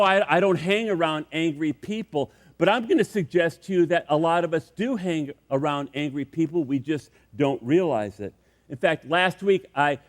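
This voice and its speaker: A pastor preaching to his congregation in a relaxed, storytelling style, with a voice on the higher side for a man. The sound carries a long church-hall reverb. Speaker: senior pastor. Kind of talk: sermon. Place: church sanctuary.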